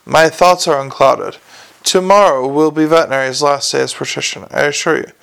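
A man's voice: fairly high pitch, fairly even intonation, a little fast, creaky, smooth. A man doing a feverish scheming nobleman. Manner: quiet, self-assured, creepily dreamy. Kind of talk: audiobook character reading.

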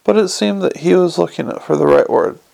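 A man reading a novel aloud in an even storytelling manner, with small slips. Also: sits high, fairly quick, creaky. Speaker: audiobook reader.

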